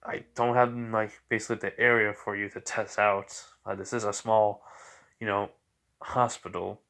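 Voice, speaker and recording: A man's voice: on the low side, flat delivery, moderate pace, vocal fry, fairly bright tone. A man voicing a friendly middle-aged male doctor who talks in a casual, rambling way.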